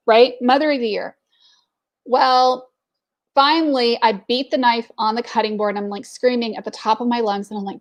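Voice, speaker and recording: A woman's voice: fairly high pitch, steady tone, normal speed. A woman in her forties telling a candid personal story in casual talk, with plenty of fillers. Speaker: entrepreneur network speaker.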